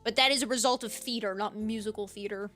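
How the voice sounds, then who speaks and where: A woman streamer chatting casually with viewers, projecting from her diaphragm with lively inflection despite a sore throat. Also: medium pitch, fast, faint music behind.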